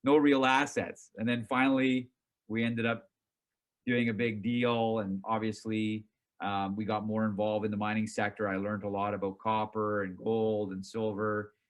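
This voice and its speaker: A middle-aged man, chairman and CEO of a company, casually telling the story of his career in an interview, animated and self-mocking, acting out his own past reactions. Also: lowish voice, normal speed.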